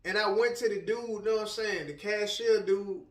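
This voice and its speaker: A man from Richmond talks casually and slangily, leaning on "you know what I'm saying." His voice sits high for a man. He sounds a little distant from the mic in a roomy, echoey space. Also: normal speed. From Richmond, Virginia. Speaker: author and speaker, minister. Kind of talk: casual motivational testimony.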